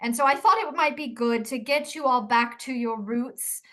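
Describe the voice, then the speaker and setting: A woman improvising as a dialect coach, her voice pitched a touch high. She coaxes and affirms gently, filling pauses with murmured agreement.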